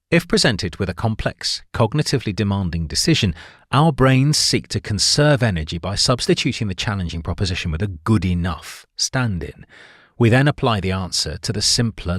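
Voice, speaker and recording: A man with a fairly low voice reads a summary of a nonfiction book, his pitch rising and falling widely as he stresses key words. He speaks clearly and at a measured pace, and the close, dry recording carries no room sound or echo.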